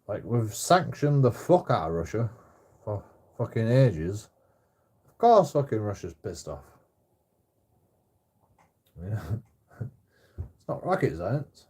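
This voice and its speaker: A man's voice: fairly low pitch, big pitch swings, takes it slowly, long pauses, a little mellow, husky. A man rambling in casual chat as a streamer, swearing constantly and stammering through restarts.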